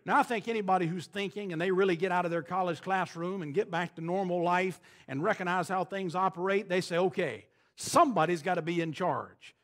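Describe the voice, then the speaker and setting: A man preaching a sermon as pastor, emphatic, pausing for effect and quoting scripture. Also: high voice, fairly bright tone. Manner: emphatic, preaching with dramatic pauses and quoted scripture.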